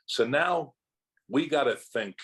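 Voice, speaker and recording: Slow and mid-range, an older actor's voice comes through a low-quality recording. He tells animated anecdotes in an easygoing interview, acting out things other people told him.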